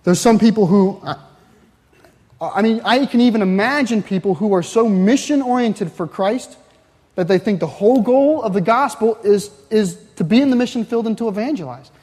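A man's voice: high-pitched, moderate pace, a little mellow. A man preaching a sermon in a church, talking conversationally with frequent "right?" asides. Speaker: pastor. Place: church sanctuary. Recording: long hall reverb.

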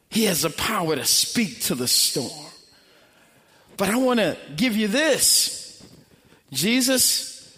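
A man pastor preaching a sermon, emphatic and swinging from loud to hushed. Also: sits high. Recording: long hall reverb.

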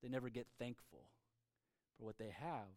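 A man voicing a calm, gentle male religious teacher telling a parable, speaking softly and low. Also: normal speed, no echo, studio quality, lightly acted. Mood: earnest. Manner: soft, low, hushed storytelling.

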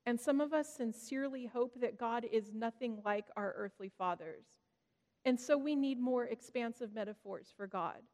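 A woman with a fairly high voice reads an earnest, reflective devotional message. She talks steadily and puts a gentle stress on key words. Her voice carries a long reverb, as if the recording was made in a hall. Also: moderate pace. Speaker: devotional speaker. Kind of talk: reflective sermon reading.

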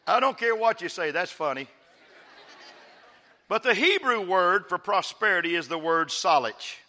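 A pastor from West Texas, preaching an emphatic sermon from a church stage and leading call-and-response. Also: male voice, high-pitched, animated, moderate pace, long pauses, pushed and bright. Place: church stage before a congregation. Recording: long hall reverb.

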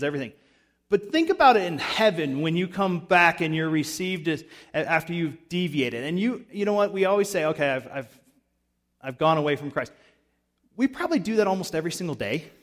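A man preaching a sermon in a conversational way, acting out voices when he retells scenes. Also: on the high side. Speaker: pastor. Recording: long reverb of a large hall.

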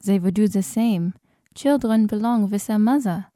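A woman voicing a kind-hearted male village leader who speaks softly and apologetically. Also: mid-range voice, moderate pace, no echo, studio quality, close to an everyday voice. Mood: gentle. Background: cinematic score.

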